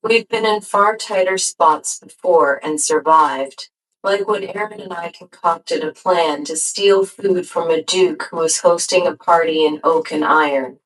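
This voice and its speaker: Unhurried low-voiced woman narrating. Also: rough recording. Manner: measured, unhurried storytelling. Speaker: audiobook narrator. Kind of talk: first-person audiobook narration.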